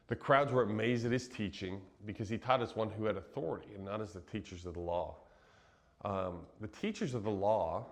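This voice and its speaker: Low-voiced man teaching the Bible casually. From Western Kansas, US. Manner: relaxed, chatty, laughs easily, frequent ums.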